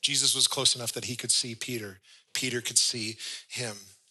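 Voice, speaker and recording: Bright-voiced man preaching a sermon. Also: mid-range voice, fairly even intonation, moderate pace, breathy edge, low-quality recording. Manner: storytelling, acts out little dialogues. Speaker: pastor.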